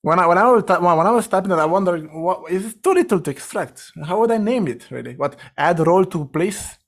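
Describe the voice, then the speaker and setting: A man's voice: sits high, lively intonation. Man talking through code aloud. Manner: thinks aloud, directive, quick asides. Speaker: session facilitator. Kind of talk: guiding a live coding session.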